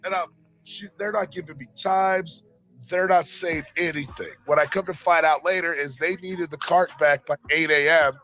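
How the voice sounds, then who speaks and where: A man's voice: a little high, fairly even intonation, normal speed, bright, forceful tone, rough recording. A young man casually telling a heated, profane story in rambling slang, full of "like".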